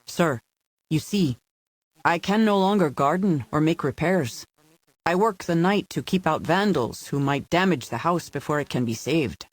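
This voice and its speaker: A man voicing a humble, soft-spoken male caretaker who answers courteously and formally. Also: fairly high pitch, animated, measured pace, dry recording. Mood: polite.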